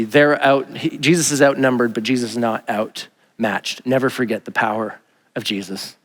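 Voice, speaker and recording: Chatty pastor in a reverberant church. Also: male voice, medium pitch, a bit bright. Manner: conversational, jokey, acts out quotes in a raised voice. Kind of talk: sermon. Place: large church sanctuary. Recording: long hall reverb.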